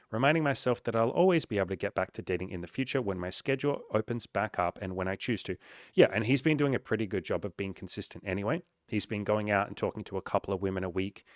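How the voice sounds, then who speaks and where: Male dating coach, lower voice, casual and blunt, dry close-mic delivery. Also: no echo. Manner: frank and upbeat, swears casually. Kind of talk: casual commentary reading a client's update.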